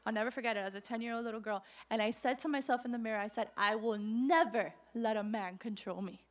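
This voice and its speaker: A woman's voice: on the high side, fast talker. A woman in the pulpit, preaching and telling her own story with lots of acted-out quotes. Her voice sits a little above the usual for a woman, and she runs it up and down as she goes. She keeps the tone personal and direct with the congregation. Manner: personal testimony told with quoted voices, animated. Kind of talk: sermon.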